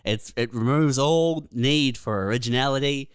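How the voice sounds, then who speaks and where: A man's voice: mid-range voice, normal speed, clear, resonant tone, no echo, clean studio sound. A man co-hosting a comedy podcast, wry and teasing in casual banter, laughing often.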